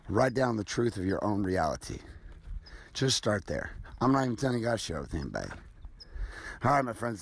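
A man's voice: on the low side, husky. A middle-aged man hosting a motivational podcast, talking bluntly and casually with profanity as he tells a story. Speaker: podcast host.

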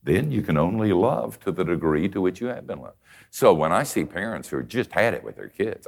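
This older man's sermon is conversational and folksy, alternating soft asides with emphatic points. He speaks briskly in a deep, gravelly voice with big pitch swings.

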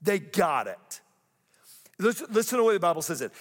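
Animated preacher man in a hall. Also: brisk, long pauses. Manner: animated preaching, repeats himself, rises in pitch for emphasis. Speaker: pastor. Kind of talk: sermon. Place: church auditorium.

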